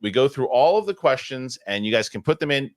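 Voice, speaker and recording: A middle-aged man hosting a casual podcast, rambling and excitable as he chats and reads ads. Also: medium pitch, brisk, dry recording, studio quality. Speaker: podcast host. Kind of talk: casual chat and live ad reads.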